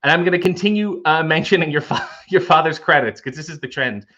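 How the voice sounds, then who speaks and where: A man's voice: a little high, brisk, bright, forceful tone, muffled recording. A man hosting a casual livestream, making coffee and reading out viewer comments with playful, wry asides. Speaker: livestream host reading chat.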